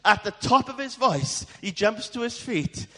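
Guy preaching, husky and pushy, dramatic, big church echo. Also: high-pitched, lively intonation, unhurried. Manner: dramatic, swings from hushed to shouting. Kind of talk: storytelling sermon. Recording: long hall reverb.

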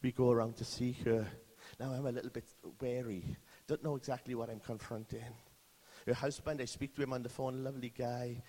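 A man's voice: medium pitch, level tone, brisk, warm tone. A British man, a pastor, preaching a sermon as vivid first-person storytelling. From Britain. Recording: long hall reverb.

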